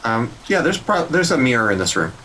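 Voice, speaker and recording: A man's voice: mid-range voice, sing-song, brisk, sharp tone, slight background noise, low-quality recording. A man running a tabletop game, explaining what happens with hesitant, filler-heavy speech. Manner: hesitant, many fillers while explaining rules. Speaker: game master.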